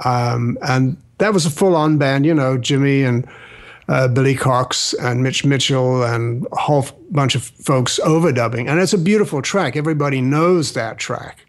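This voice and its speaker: An older man, a recording engineer, telling studio anecdotes in a lively way on a radio interview, even imitating sounds. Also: mid-range voice.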